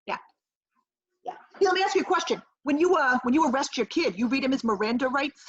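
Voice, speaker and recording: A woman improvising a comedy scene over a video call, brash and rambling with a deadpan edge. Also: high voice, fast talker, background noise. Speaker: improv performer. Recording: dull lo-fi video call audio.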